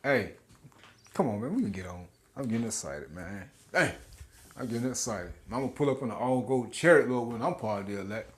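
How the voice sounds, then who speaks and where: A man's voice: mid-range voice, animated, a little fast, slight background noise. Laughing, slangy man preaching scripture. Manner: casual slangy preaching, laughs often, repeats words. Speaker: street preacher. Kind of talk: informal scripture teaching.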